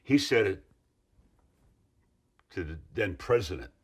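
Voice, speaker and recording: A middle-aged man with a very deep voice tells his side of a story to an interviewer. His tone is husky and a little rough, and he wanders through asides and restarts in an earnest, rambling way. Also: lively intonation, slow pace. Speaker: interviewee, former union member. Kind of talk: interview recollection.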